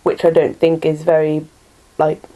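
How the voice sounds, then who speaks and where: A woman with a Norfolk accent talks slowly into a home webcam, her voice low and mellow. She hesitates often and fills gaps with ums, adding shy self-mocking asides as she reads words off a list. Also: monotone, poor audio. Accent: Norfolk English. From Norfolk, England. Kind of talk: casual vlog, reading a word list.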